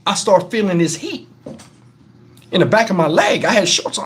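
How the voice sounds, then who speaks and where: A man's voice: high voice, normal speed, a little hiss or hum. Rambling, profane storyteller man. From Texas, USA. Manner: animated, profane, rambling with many asides. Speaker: channel host. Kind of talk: casual storytelling to camera.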